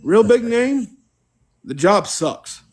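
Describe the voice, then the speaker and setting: A man's voice: high-pitched, very animated, slow, darkish tone. A man telling profane army stories in casual chat with friends. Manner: profane storyteller, does voices of people he quotes. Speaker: podcast co-host.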